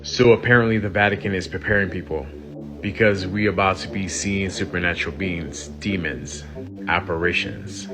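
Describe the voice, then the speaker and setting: A man's voice: low voice, moderate pace. A man talking in an urgent, conspiratorial way. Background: music.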